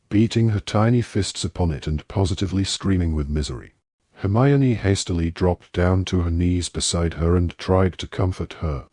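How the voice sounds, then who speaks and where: A man narrating an audiobook in a steady storytelling manner. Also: sits low, slightly rough, no echo, clean studio sound. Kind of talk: scripted narration.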